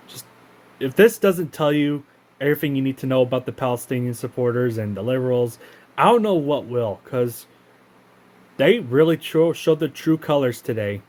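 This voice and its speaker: His mid-range, darkish voice has lively intonation and a moderate pace, and he pauses often. He's a Canadian channel host ranting casually to camera, indignant and profane, repeatedly breaking off and restarting his sentences.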